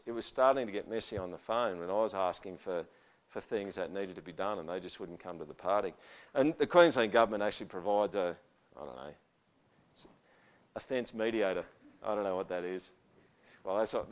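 A middle-aged man with an Australian accent, a pastor preaching a sermon in a chatty, storytelling way with asides. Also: on the low side.

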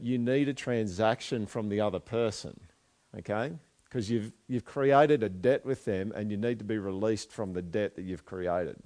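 A man's voice: mid-range voice, a little mellow. A man preaching a sermon in a casual, conversational way, acting out quoted apologies with animation. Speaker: pastor.

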